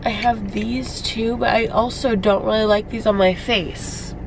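A woman's voice: on the high side, steady tone, a little slow, vocal fry, noisy background. Upbeat stuffy young woman vlogging. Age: young adult. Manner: chatty, upbeat, talks straight to camera. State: stuffy nose. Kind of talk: casual vlog chat.

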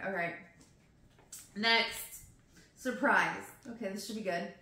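A young woman reading poems aloud slowly and expressively, breaking off into emotional, chatty asides. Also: medium pitch, bright, forceful tone. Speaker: poetry reader. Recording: roomy echo.

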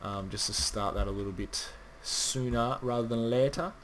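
A man's voice: medium pitch, normal speed, a bit bright, a little hiss or hum. A man rambling casually through gameplay commentary, swearing now and then and chatting straight to his viewers. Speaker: gaming channel host.

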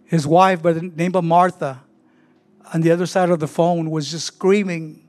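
A middle-aged man preaching a sermon in a church, emotional and halting, with frequent restarts. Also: a little high, steady tone. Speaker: pastor. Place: church sanctuary.

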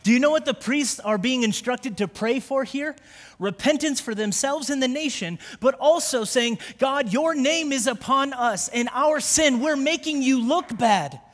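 A male pastor preaching a sermon in a church. He is impassioned, swinging from shouted prayer to quiet, confiding talk. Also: extremely high pitch, measured pace. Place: church sanctuary. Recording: long hall reverb from a church.

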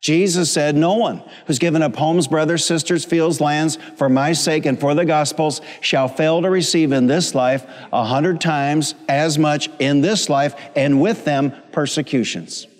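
Speaking with a voice on the high side, a middle-aged pastor keeps fairly even intonation and a measured pace, with hardly any pauses. He preaches with humor and repetition, urging the congregation to answer back. The setting is a church sanctuary, recorded with long church hall reverb.

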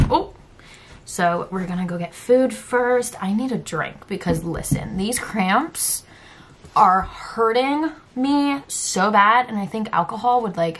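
A woman in her twenties talking casually to her phone camera in a vlog, chatty and excitable, swearing freely. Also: on the high side, a little hiss or hum. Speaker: vlogger.

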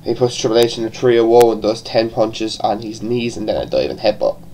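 Born in England and raised partly in Ireland, this Irish-accented man reviews a wrestling show casually and ramblingly, often restarting and letting the odd swear word slip. His voice is fairly low, warm and brisk, and the recording is rough.

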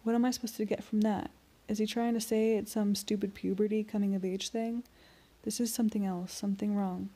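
A woman voicing a tall, troubled teenage boy who is warm and teasing, in a quick, earnest way. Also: mid-range voice, little pitch movement, close to an everyday voice. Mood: upset.

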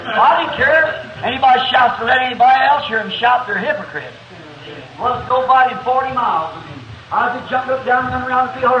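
A man preaching a revival sermon, telling a story in a fervent, folksy way that rises to shouts, recorded on an old 1960s tape in a meeting hall. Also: extremely high pitch, expressive, fairly quick, highs cut off, noisy background.

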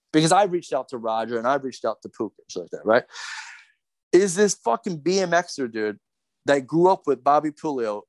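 A middle-aged man from Philadelphia, appearing as a podcast guest, goes on a heated rant that's profane, agitated, and rambling, with many restarts. His voice is fairly high-pitched with a darkish tone, on a dry recording.

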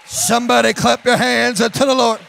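High, gravelly shouting preacher man. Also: little pitch movement, some chatter behind, slight background noise. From St. Louis. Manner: hyper, fast-talking, emotional. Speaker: guest preacher. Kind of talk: shouted Pentecostal sermon. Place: church sanctuary.

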